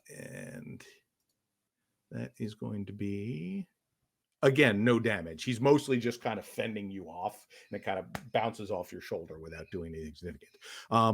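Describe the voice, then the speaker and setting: A man narrating as game master of a tabletop horror game, halting with frequent ums and uhs. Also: lowish voice, vocal fry.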